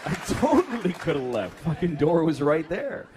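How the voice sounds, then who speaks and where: A man's voice: a little high, very animated, normal speed, a crowd in the background, noisy background. Profane exasperated male stand-up comic. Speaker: stand-up comedian. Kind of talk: stand-up routine.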